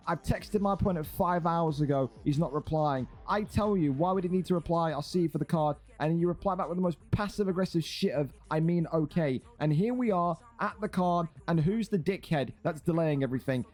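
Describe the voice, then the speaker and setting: Exasperated man, high voice. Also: darkish tone. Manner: exasperated, sarcastic, swearing. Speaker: league host and streamer. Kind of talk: ranting livestream commentary.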